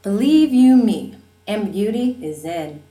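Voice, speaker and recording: A woman's voice: medium pitch, very animated, slow, dark tone, roomy sound, pitched above the performer's own voice. A woman reading a novel aloud, voicing a glib, upbeat stepfather who teases lightly. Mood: breezy. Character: breezy upbeat stepfather, wry and jokey.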